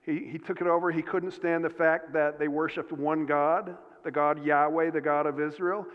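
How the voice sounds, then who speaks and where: An earnest male pastor preaches a sermon, often restarting his sentences and leaning on "uh" and "um" as he goes. His voice sits a bit high for a man. It rings with long reverb through a church hall, and the recording sounds muffled and dull. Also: little pitch movement, normal speed.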